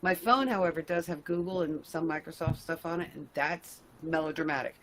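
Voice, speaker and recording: A middle-aged woman hosting a casual video-call chat, animated and laughing, with mock-exasperated asides. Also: deep voice, brisk, a crowd in the background, rough recording. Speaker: host.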